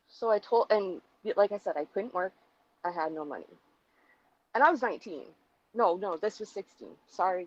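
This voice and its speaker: A woman's voice: on the low side, lo-fi sound. A woman vlogger telling a personal story in a heated, profane and rambling way, full of fillers. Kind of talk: casual storytelling rant.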